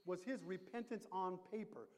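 A man preaching a sermon, emphatic, swinging between loud declarations and hushed asides. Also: sits high, moderate pace, long reverb tail. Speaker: pastor.

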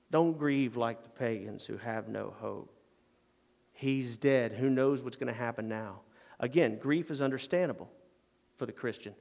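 A man preaching a sermon in a church. He swings from quiet, low passages to loud, emphatic ones. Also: big-room sound. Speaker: pastor.

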